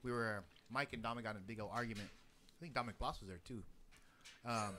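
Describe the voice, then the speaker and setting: A young adult man in casual chat, telling an animated story full of swearing and acted-out sound effects. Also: medium pitch, fast talker, slight background noise. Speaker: podcast co-host.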